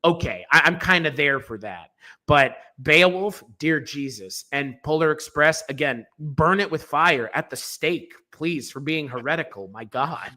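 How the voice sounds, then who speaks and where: A man with a bright, forceful voice that sits a bit high for a man. He co-hosts a casual film podcast, talking in an emphatic, opinionated way. He rambles, restarts his sentences and fills pauses with "um" and "like.".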